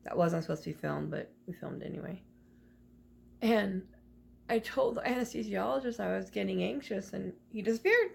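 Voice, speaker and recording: A woman's voice: medium pitch, animated, normal speed, vocal fry, a little mellow, slight background noise. A woman vlogger speaking into her phone camera, telling a personal story in a rambling, confiding way with many restarts.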